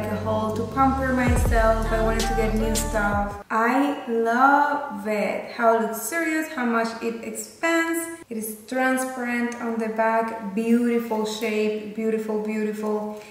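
A woman from Cuba, gushing excitedly through an unboxing haul vlog. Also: a little high, slow, faint music behind. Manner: gushing and excitable, gasping over each item. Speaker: fashion vlogger. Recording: echoey room with long reverb.

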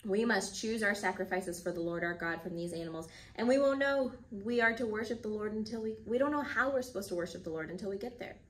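Brief: a steady, earnest prophet, read by a woman, mid-pitched and heard from a distant mic. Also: fast, hardly any pauses, close to an everyday voice. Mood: insistent. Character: calm, firm male prophet leader.

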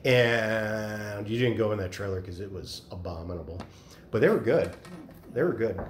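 A man leading a Bible study group, telling animated stories in a casual chat. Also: fairly low pitch, moderate pace, a little hiss or hum. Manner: chatty, animated storyteller. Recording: echoey room.

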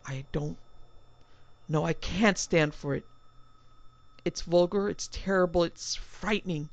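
A woman's voice: lowish voice, takes it slowly, no room sound. A woman voicing an anxious middle-aged man in a panic, with a strained, agitated delivery. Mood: frantic. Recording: slightly dull, dry recording.

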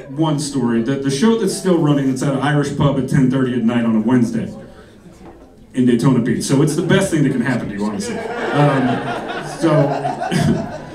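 A man doing a stand-up set, telling rambling stories with laughs and putting on voices for the people in them. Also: mid-range voice. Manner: rambling storytelling with frequent laughs and mimicked voices. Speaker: stand-up comedian. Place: comedy club stage. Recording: echoey club, mic heard from a distance, crowd laughter. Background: audience laughter.

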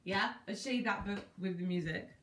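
A woman's voice: mid-range voice, brisk, fairly bright tone, slight background noise. A woman dance teacher talking through each move of a combination step by step and half-speaking the song lyrics. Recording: echoey room.

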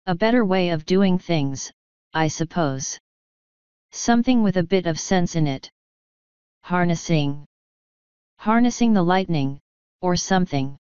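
A woman's voice: on the low side, animated, unhurried, long pauses, darkish tone, smooth, no room sound, dull audio. A woman voicing a hapless male wizard who talks in a miserable, grumbling way.

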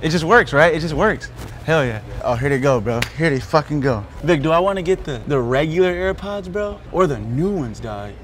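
Loud joking young man vlogging. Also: a little high, animated, normal speed, slight background noise. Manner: loud joking banter, laughs often. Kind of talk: prank vlog talk to camera. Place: outdoors by a store and parking lot.

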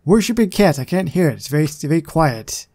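A man's voice: on the high side, very animated, fairly quick, noisy background. A man hosting a gaming channel, giving casual gameplay commentary in a chatty, self-deprecating way with muttered asides.

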